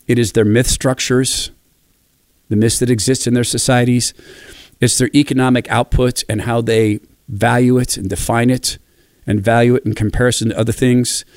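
A middle-aged man from the Pacific Northwest of the United States talks through personal stories in a reflective, enthusiastic way. His voice sits at a medium pitch. The recording is dry and close. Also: dry recording. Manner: warm storytelling, enthusiastic and reflective. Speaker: speaker.

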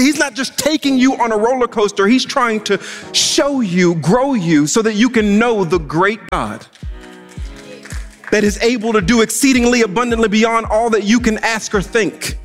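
A man's voice: high voice, long reverb tail. A man preaching a sermon as pastor, emphatic and prone to stammered repeats.

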